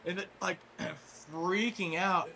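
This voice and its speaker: A man telling a long story in casual chat, rambling with fillers and restarts, clearing his throat as his voice wears out. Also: high-pitched, fairly even intonation, slow, sharp tone, slight background noise. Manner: rambling, full of fillers and restarts, swears freely. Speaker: guest storyteller.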